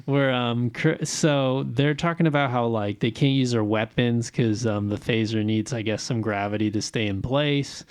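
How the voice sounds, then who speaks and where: A man's voice: medium pitch, fairly even intonation, normal speed, hardly any pauses, clean tone. A man co-hosting a podcast in casual chat, laughing often and chiming in with short agreements. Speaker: podcast co-host.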